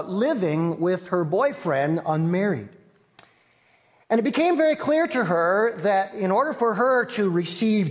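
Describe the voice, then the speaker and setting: A man preaching a sermon as pastor, telling a story in an earnest, measured way. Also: sits high. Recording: long reverb of a large hall.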